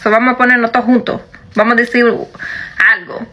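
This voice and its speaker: Animated woman venting to her camera, bright sharp voice. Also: on the high side, quick pace. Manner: animated, switches between two languages. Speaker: video creator. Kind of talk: casual chat to camera.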